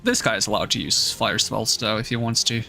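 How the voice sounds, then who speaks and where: A man's voice: fairly low pitch, fairly even intonation, a little fast, vocal fry, pushed and bright, soft background music. A male streamer giving casual gameplay commentary, thinking aloud and puzzling over the game's rules.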